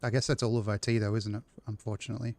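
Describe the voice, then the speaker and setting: A man's voice: lowish voice, flat delivery, very fast, a little mellow. A man live-streaming a city-building game, chatting casually and rambling to his chat while he plays.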